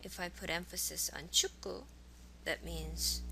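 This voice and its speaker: A woman's voice: lowish voice, sing-song, normal speed, gravelly, bright, forceful tone, a little hiss or hum, low-quality recording. A woman teaching a college language class, explaining grammar patiently and modeling example sentences. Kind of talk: recorded classroom lecture. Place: college course recording.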